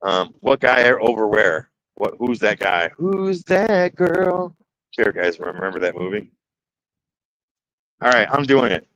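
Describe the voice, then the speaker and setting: A man's voice: on the low side, unhurried, bright, forceful tone, lo-fi sound. A man from the Detroit area, hosting a casual woodworking livestream, joking, reading chat comments aloud and voicing his nerves as he works. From Detroit area, Michigan. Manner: chatty, joking, reads chat aloud, nervous exclamations. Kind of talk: casual live-stream chat.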